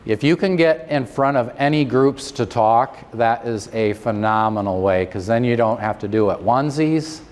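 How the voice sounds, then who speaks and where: A middle-aged man, a chiropractor, telling a story at a convention seminar in a joking, self-deprecating, animated way. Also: mid-range voice, normal speed, hardly any pauses. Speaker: chiropractor giving a seminar talk. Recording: long reverb of a large hall.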